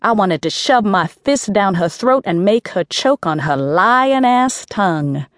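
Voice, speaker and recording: A woman's voice: medium pitch, expressive, unhurried, dry recording, studio quality. A woman narrating a first-person audiobook in a gritty, slangy street voice.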